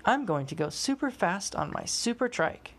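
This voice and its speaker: Woman doing excitable little boy, storybook voice, breathy, lively pitch. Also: normal speed, exaggerated voice. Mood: excited. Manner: bright, eager, exclaiming. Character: eager excitable young boy. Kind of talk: storybook reading.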